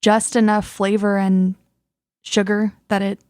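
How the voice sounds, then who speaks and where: A woman's voice: mid-range voice, little pitch movement, a little slow, darkish tone, smooth, no echo, studio quality. A woman, a head brewer, chatting casually as a guest on a beer podcast. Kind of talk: casual chat.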